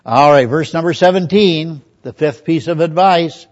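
An older male pastor with a slightly high voice delivers a conversational sermon. He tells homely anecdotes and reads Bible verses aloud. The recording sounds muffled and lo-fi. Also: normal speed. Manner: folksy storytelling, reads scripture aloud. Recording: dull lo-fi recording.

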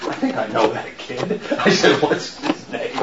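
A middle-aged man telling stories to an audience, laughing often and shouting when he acts out quotes. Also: medium pitch, big pitch swings, unhurried, over a noisy crowd. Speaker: speaker giving a faith talk. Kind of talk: storytelling talk to an audience. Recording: roomy, dull lo-fi sound.

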